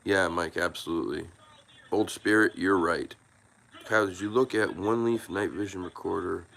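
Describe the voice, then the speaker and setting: A man with a low, gravelly voice hosts a live stream, chatting loosely with his audience. He rambles and restarts his sentences, earnest and a little emotional as he thanks people in the chat by name. His tone stays friendly and unpolished throughout. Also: normal speed, fairly bright tone, slight background noise. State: emotional, moved by viewers. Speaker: YouTube live stream host. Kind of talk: casual live chat with viewers.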